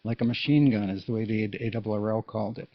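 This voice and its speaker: A man's voice: on the low side, fast talker, dry recording. A man giving a casual, patient Morse code lesson, explaining each step in plain words. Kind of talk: casual spoken tutorial. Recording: dull lo-fi recording.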